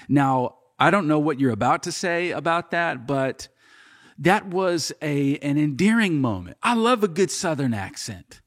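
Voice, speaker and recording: A man's voice: fairly high pitch, sing-song, measured pace, dry recording, clean studio sound. A man from Oklahoma with a slight drawl, hosting a podcast in an upbeat, rambling way. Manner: upbeat, chatty, rambling with fillers. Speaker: podcast host. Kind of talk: casual podcast chat.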